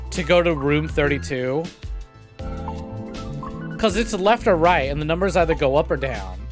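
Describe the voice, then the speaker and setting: A man streaming a game live, talking casually in a playful, profane, joking way. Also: a little high.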